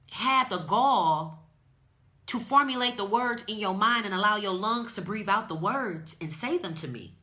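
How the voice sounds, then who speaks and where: A woman's voice: fairly high pitch, sharp tone. A woman hosting a podcast, delivering an impassioned, preachy monologue with indignant emphasis. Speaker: podcast host.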